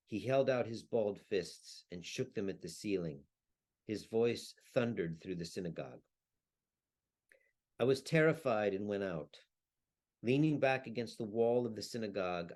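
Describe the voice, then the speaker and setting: A historian and translator, a man, giving a talk and reading aloud, measured with some hesitant fillers. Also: lowish voice, expressive, darkish tone. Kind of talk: talk with a read-aloud excerpt.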